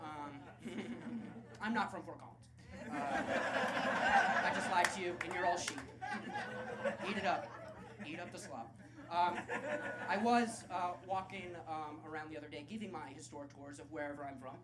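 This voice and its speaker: A man's voice: a little high, normal speed, pauses often. A man doing a live stand-up set, brash and crude, with sarcastic crowd work. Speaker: stand-up comedian. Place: comedy club stage. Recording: loud live club crowd and noise.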